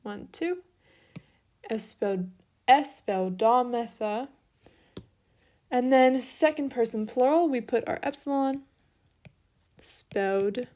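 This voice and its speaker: A woman's voice: on the high side, slow pace, long pauses. A young woman explains Greek verb forms one step at a time as she writes, with brief apologies along the way. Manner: steady, step-by-step explaining while writing, with small apologies. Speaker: Greek teacher. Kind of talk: online lesson walkthrough.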